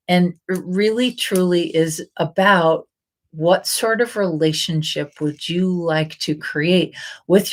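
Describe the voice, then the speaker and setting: A middle-aged woman coach speaks in a casual, animated way to her listeners. She laughs often and slips into playful little voices as she goes. Her voice sits on the lower side. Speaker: intuitive body coach. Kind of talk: casual promotional talk.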